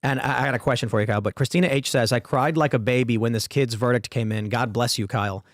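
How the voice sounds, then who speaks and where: A podcast host with a medium-pitched voice talks fast in a casual chat with his panel, reading viewer comments aloud and often repeating words as he starts sentences. The sound is clean studio audio with no room sound.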